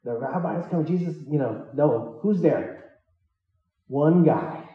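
Animated male pastor in a roomy hall. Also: on the high side, unhurried, far from the mic, lo-fi sound. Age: adult with children. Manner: animated, joking, acts out the disciples' lines. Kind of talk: sermon. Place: church hall.

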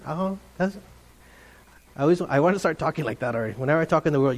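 High-voiced lively male pastor. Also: quick pace. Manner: animated, playful, mimics voices, talks to congregation. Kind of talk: lively sermon.

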